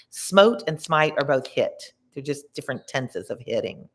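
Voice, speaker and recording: Low-voiced woman tutor reading aloud. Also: big pitch swings. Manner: reads slowly with chatty word-explaining asides. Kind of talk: read-along with spoken asides.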